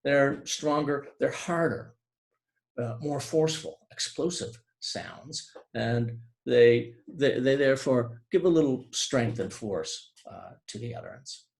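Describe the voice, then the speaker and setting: A man lectures on poetry with a lively, swooping delivery, his pitch rising and falling a lot as he explains. He hesitates with fillers and restarts, then slows down deliberately to lean on key terms. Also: creaky. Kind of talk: online literature lecture.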